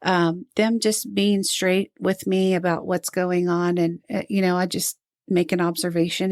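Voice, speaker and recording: A woman's voice: lowish voice, little pitch movement, measured pace, few pauses, a little mellow, dry recording, studio quality. An older woman, a retired nurse, talking earnestly in a podcast interview and telling stories from her work. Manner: earnest, storytelling, mimics moms she quotes. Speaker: guest, retired NICU nurse and lactation counselor.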